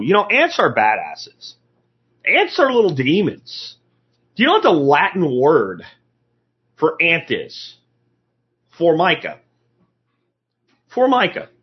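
A man's voice: on the high side, husky. A man hosting a show, telling a story in a folksy, blunt, salty way. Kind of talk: casual storytelling. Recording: dull lo-fi recording.

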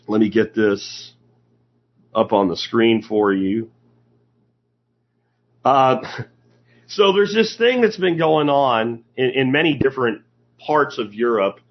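A man's voice: medium pitch, slightly rough. A man hosting a podcast, giving a sarcastic, opinionated commentary monologue that rambles with restarts. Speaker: podcast host. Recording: dull lo-fi recording.

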